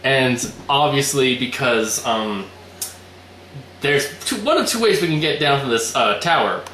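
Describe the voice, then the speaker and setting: A man's voice: medium pitch, lively intonation, unhurried, bright, forceful tone. A young man casually retelling a story in a loose, rambling way, swearing often and acting out the lines. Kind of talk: casual recap chat. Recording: roomy echoey room with faint noise.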